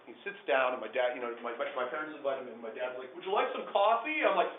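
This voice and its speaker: Animated male storyteller, tinny and echoey. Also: mid-range voice, very fast, slight background noise. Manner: animated, with big swings between hushed and loud. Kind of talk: live personal storytelling to listeners. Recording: echoey room over a tinny phone-like line.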